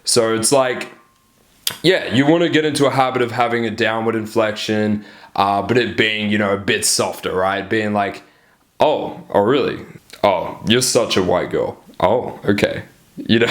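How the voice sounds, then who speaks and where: A man coaching about dating in a blunt, casual way, swearing often and checking in with "right?". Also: on the low side. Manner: blunt, profane, peppers lines with "right?". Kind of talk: casual coaching talk to camera.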